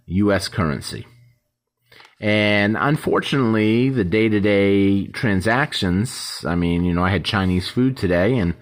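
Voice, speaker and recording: A man hosting his own channel, talking casually and rambling, acting out short quoted exchanges. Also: low-pitched. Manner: rambling, conversational, acts out little quoted exchanges. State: yawning, tired. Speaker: YouTube host. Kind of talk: casual talk to camera.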